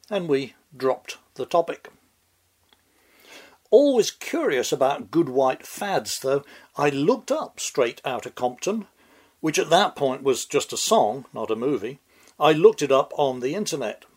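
Man, sardonic scripted commentary, slow deliberate delivery, lively rising and falling pitch. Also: husky. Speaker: commentary host.

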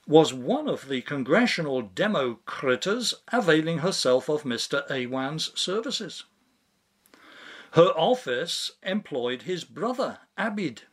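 A man's voice: fairly high pitch, fairly bright tone. A man reading a scripted commentary monologue in a dry, sardonic manner. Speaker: podcast commentator.

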